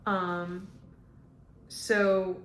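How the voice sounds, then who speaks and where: Slow, halting woman medium. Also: fairly low pitch, little pitch movement, fairly bright tone, a little hiss or hum. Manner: halting, frequent "um" fillers. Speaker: spiritual medium. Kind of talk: channeling monologue to viewers. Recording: echoey room.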